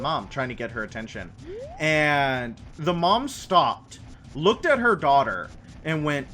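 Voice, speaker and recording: Lively, chatty male streamer. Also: on the high side. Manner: chatty and storytelling, drifts between topics. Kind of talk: casual chat while gaming on stream. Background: faint game music.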